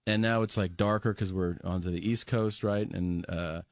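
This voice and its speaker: A man's voice: sits low, fairly even intonation, moderate pace, dry recording, clean studio sound. A man in his forties, a comedian, animatedly telling a story on a podcast and acting out both sides of the dialogue.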